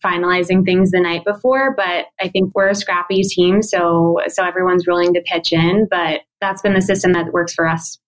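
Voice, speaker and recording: A woman's voice: lowish voice, flat delivery, normal speed, few pauses, rough recording. A woman interviewed as a guest, talking casually and chattily about her work with many fillers. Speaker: podcast program manager, guest.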